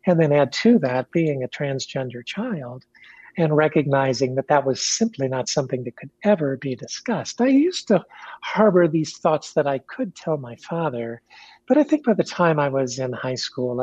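Radio guest: woman from Kentucky, husky, speaks measured and candid, dry muffled line. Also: low-pitched, dark tone, dry recording. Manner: measured, candid, with fillers and restarts. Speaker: guest, pastor and author. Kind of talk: reflective radio interview.

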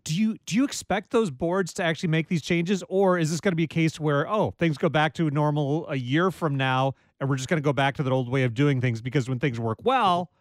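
A man's voice: on the high side, brisk, few pauses, no room sound. A man hosting an interview, asking probing questions in a conversational way. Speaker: radio interviewer.

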